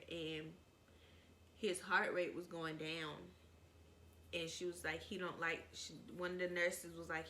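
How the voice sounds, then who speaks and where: A woman's voice: on the low side, little pitch movement, a little slow, long pauses, sharp tone, a little hiss or hum. A young woman vlogger telling a casual, rambling story, with many "like"s.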